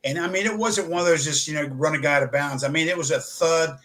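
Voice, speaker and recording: A co-host on a sports talk show with a bright, forceful, fairly high voice. He chats casually and fires off eager questions about old games. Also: fast. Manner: chatty, eager questions, brief affirmations.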